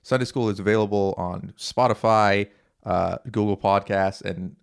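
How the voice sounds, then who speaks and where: A man's voice: lowish voice, fairly even intonation, vocal fry. Joking male podcast co-host. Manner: joking, laughs often, quick asides. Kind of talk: casual comedy podcast chat.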